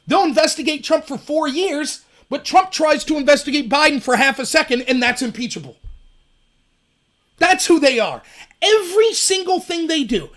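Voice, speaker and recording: High-pitched sarcastic male livestream host. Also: fairly bright tone. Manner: sarcastic, mocks opponents in high shrill voices; repetitive, emphatic ranting. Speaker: political commentary livestream host. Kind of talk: solo livestream commentary.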